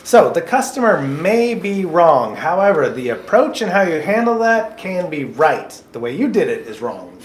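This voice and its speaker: In an echoey coffee shop, a man runs a casual mock interview for job seekers, cracking jokes and giving patient, upbeat advice. His voice sits on the high side with big pitch swings, and he talks at a moderate pace with few pauses over slight background noise.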